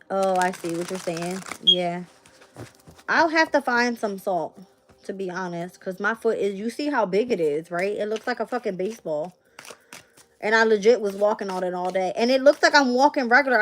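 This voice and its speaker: Blunt, profane woman streamer. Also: medium pitch. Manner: blunt and profane, with frequent laughs. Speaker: tarot reader and live-stream host. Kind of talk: casual live-stream chat and tarot reading.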